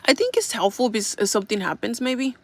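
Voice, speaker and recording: A woman's voice: fairly high pitch, sing-song, a little fast, a bit bright. A young adult woman vlogging in a casual chat, rambling through a story with lots of "like" and fillers.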